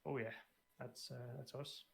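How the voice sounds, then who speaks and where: A man playing in a tabletop game, talking in halting, hesitant bits with a joking tone. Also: medium pitch, fairly even intonation, creaky. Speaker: player. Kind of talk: casual tabletop play.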